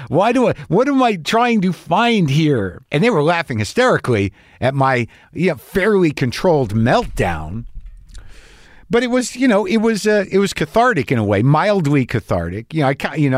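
A man's voice: mid-range voice, no room sound, studio quality. A middle-aged man hosting a podcast, telling stories in a rambling comedic monologue, self-mocking and acting out the voices of people he quotes. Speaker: podcast host.

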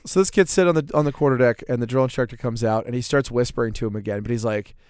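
A man's voice: mid-range voice, very fast, a little mellow, smooth, dry recording, studio quality. A man co-hosting a podcast, telling boot camp stories in a crude, joking way. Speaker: podcast co-host and former Marine. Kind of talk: casual storytelling chat.

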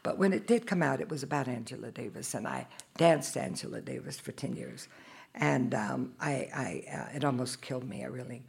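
An older woman and choreographer, telling animated stories in a live interview and acting out the dialogue. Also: a bass voice, moderate pace, vocal fry, slightly rough. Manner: animated storyteller acting out dialogue, laughing often. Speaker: choreographer guest. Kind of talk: live podcast interview storytelling. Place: live at a dance festival.

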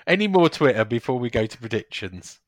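A man's voice: medium pitch, sing-song, brisk, no echo, clean studio sound. A man hosting a casual football podcast, chatty, running through fixtures and scores. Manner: chatty, reads fixtures and scores, laughs often. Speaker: podcast host.

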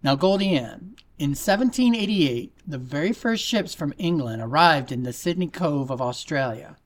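A man's voice: on the high side, lively intonation, moderate pace. A man hosting a podcast about mysteries, telling stories and cracking corny jokes in a casual way. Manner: jokey, puts on a fake accent at the start. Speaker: podcast host.

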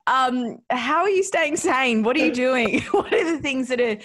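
A woman's voice: high-pitched, expressive, normal speed, a bit bright. A woman hosting a podcast in casual interview chat, laughing easily and reacting with sympathy. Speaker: podcast host.

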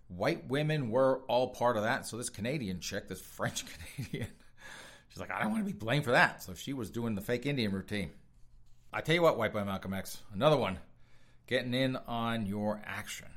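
A man with a lowish but slightly bright voice hosts an opinion podcast, mocking and sarcastic, frequently laughing and talking right to his listeners as folks.

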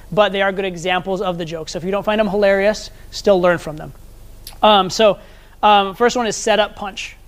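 A man's voice: sits high, clear, resonant tone. A man teaching a live seminar as a social skills coach, talking conversationally and often checking in with the audience.

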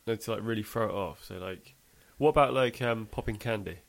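Bloke on a podcast, low gravelly voice, playful and laughing a lot. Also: male voice, brisk. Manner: laughs often, animated and playful. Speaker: podcast co-host. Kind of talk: casual chat.

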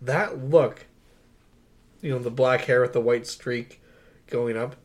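A young man talking through old films on a podcast mic, with a voice of ordinary pitch. He recounts scenes in an incredulous, animated way and laughs often, which keeps the talk lively. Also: slow pace. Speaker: podcast co-host. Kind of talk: casual movie review chat.

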